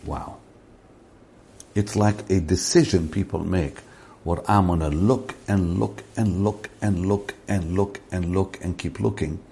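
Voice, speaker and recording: A man preaching a sermon slowly and deliberately, rising in pitch to stress key words. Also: steady tone, creaky, warm tone.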